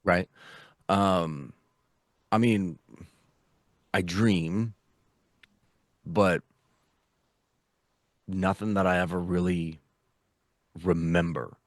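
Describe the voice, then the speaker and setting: A man's voice: sits low, fairly even intonation, drawn-out words, pauses often, no room sound, clean studio sound. A man co-hosting a podcast in casual chat, swearing freely and calling his friend "dude". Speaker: podcast co-host.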